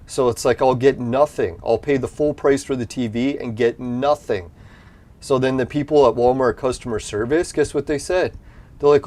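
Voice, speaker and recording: A man's voice: mid-range voice, moderate pace, darkish tone. A man from Canada hosting a gaming channel, telling a long exasperated story with constant swearing in a casual, rambling way. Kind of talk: casual ranting vlog.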